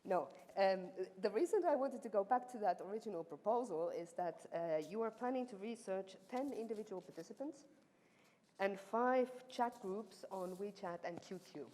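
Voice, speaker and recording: A supervisor gives a ceremonial laudatio in a university hall, speaking with a medium-pitched, dark-toned woman's voice at a moderate pace. She mixes teasing chatter and many fillers into the formal speech, and the echoey room has faint background noise.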